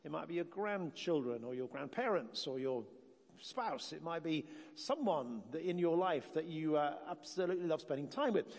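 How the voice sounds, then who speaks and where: A man's voice: on the high side, animated, moderate pace, vocal fry, darkish tone. A man from England preaching a sermon in a conversational way, asking the congregation questions. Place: church. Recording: long reverb of a church.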